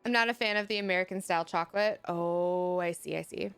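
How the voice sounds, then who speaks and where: Smooth-voiced chatty woman streamer. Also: fairly low pitch, quick pace, fairly bright tone. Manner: chatty, reads chat messages aloud, laughs often. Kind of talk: casual live-stream chat. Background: faint music.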